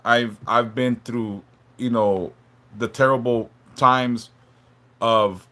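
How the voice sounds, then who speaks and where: Halting, emotional man on a bright live stream. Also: mid-range voice, fairly even intonation. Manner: halting, repeats words, heavy swearing; apologetic and openly vulnerable. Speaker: livestream host reading chat.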